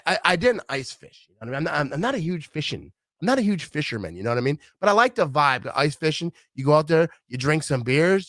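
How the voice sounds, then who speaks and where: Brief: middle-aged Midwestern-born man, lively swinging delivery, dry close recording. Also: a little high, no room sound. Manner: rambling, animated, acts out quoted voices. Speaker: vlogger. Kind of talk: casual rambling monologue.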